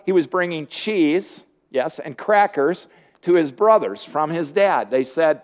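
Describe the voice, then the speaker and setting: A man's voice: a little high, animated, unhurried, a little mellow. A man preaching a sermon, retelling a Bible story playfully and joking with his congregation.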